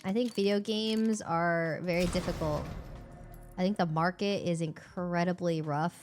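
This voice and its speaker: A young woman streamer chatting casually, animated and expressive, laughing and swearing freely. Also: lowish voice, measured pace, soft background music. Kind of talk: casual live-stream chat.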